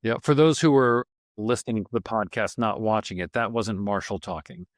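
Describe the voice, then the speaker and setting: A man hosting a podcast, making quick amused asides in casual chat. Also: on the low side, no echo, clean studio sound. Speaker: podcast host.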